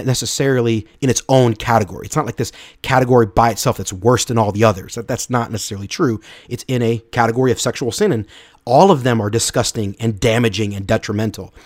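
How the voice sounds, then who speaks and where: A man's voice: mid-range voice, dry recording. A man hosting a podcast, giving an earnest, unscripted Bible teaching talk and often restarting and repeating words. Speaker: podcast host.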